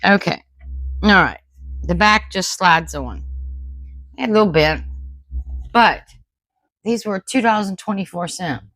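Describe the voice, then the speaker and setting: A woman's voice: medium pitch, fairly bright tone, no echo, poor audio. Chatty woman unboxing decor. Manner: chatty, folksy, talks to viewers as y'all. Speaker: home decor vlogger. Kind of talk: casual unboxing chat. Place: home.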